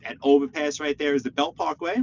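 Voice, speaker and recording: A man chatting with his live viewers while driving, joking and teasing in an animated way. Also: a little high, a little fast, creaky. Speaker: live-streaming driver. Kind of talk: casual live-stream commentary while driving. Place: inside a moving car. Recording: dull lo-fi car audio with faint road noise.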